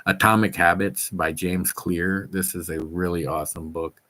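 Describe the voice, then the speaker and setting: A middle-aged man with a very low voice talks casually and eagerly to his viewers. He rambles, stacks fillers and restarts his sentences, but keeps an easy, upbeat flow. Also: little pitch movement, normal speed, pushed and bright. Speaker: fitness vlogger. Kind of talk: casual chat to camera.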